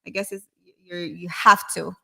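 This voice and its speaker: A woman's voice: on the low side, steady tone, normal speed, vocal fry, bright, forceful tone. A woman co-hosting a casual panel chat in English, her second language, friendly and thoughtful. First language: not English. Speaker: co-host.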